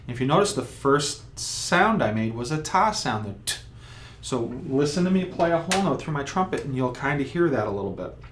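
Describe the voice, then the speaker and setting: This trumpet teacher speaks at an ordinary pitch but with big swings, a brisk pace, and a fairly bright tone, a faint hum behind him. In his instructional video he patiently guides a beginner step by step, sounding out beats and syllables to demonstrate rhythm.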